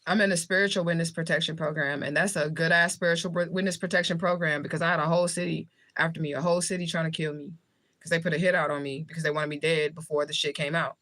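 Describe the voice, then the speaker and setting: A low-pitched, steady, fast voice with a fairly bright tone belongs to this American woman, a spiritual reader hosting a livestream. She chats casually and answers viewer comments with blunt humor, lots of cursing and frequent laughter.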